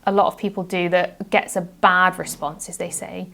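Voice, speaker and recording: A woman's voice: lowish voice, level tone, moderate pace, vocal fry, fairly bright tone, slight background noise. Woman guest, earnest and reflective, plays out sample phrases in casual chat. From United Kingdom. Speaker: podcast guest.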